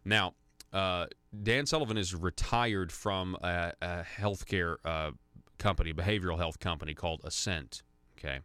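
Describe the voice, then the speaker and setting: Low-voiced radio talk host. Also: male voice, normal speed, sharp tone, clean tone, no room sound. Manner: rambling, conversational, many restarts and fillers. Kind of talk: conservative talk radio monologue. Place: radio studio.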